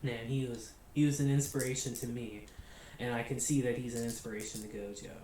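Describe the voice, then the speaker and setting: An American man hosting a casual anime review, chatty and relaxed, laughing often and filling gaps with "you know" and "like". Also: medium pitch, fairly quick, distant mic. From United States. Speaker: anime reviewer, channel host. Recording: very echoey room, voice off-mic, faint hiss.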